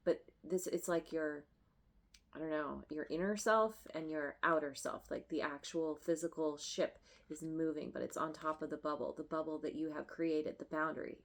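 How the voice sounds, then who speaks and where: A woman giving a tarot reading, emotional and effusive, often halting and restarting her sentences. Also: deep voice, fairly even intonation. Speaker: tarot reader.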